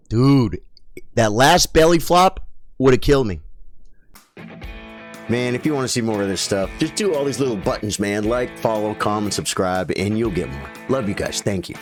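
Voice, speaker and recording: A man streaming a video game, commentating live and swinging from quiet muttering to excited shouts. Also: mid-range voice, normal speed, no echo, soft background music. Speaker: gaming streamer.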